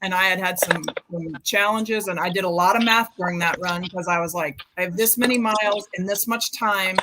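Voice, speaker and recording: A woman's voice: mid-range voice, fairly even intonation, brisk. Chatty woman in her fifties, noisy line. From United States. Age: 50s. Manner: chatty, many ums, quotes herself. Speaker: charity marathon runner guest. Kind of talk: casual storytelling on a live video chat.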